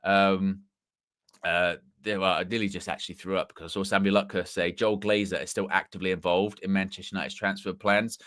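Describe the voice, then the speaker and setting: Host, man, bright forceful tone, dry close sound, rambling livestream chat. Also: on the low side, no room sound. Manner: rambling, animated, full of fillers and restarts. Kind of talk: casual live commentary.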